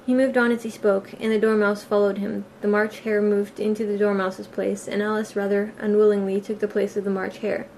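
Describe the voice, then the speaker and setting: A woman narrating a storybook audiobook in a plain, steady reading voice with a few small slips. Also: medium pitch, a little fast, hardly any pauses, a little hiss or hum. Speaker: audiobook reader.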